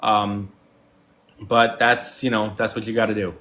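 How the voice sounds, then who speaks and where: A man's voice: on the low side, little pitch movement, measured pace, bright, forceful tone, slight background noise. A man in his forties talking casually as a guest, telling stories with lots of fillers and restarts and acting out both sides of old conversations. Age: 40s. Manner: rambling storyteller, many fillers and restarts. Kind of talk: casual chat.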